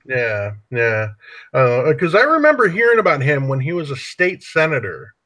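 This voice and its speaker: A man's voice: medium pitch, huge pitch swings, moderate pace, pushed and bright. Casual male podcast host, rambling and foul-mouthed. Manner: profane, rambling, drops "dude" often. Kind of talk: casual political chat.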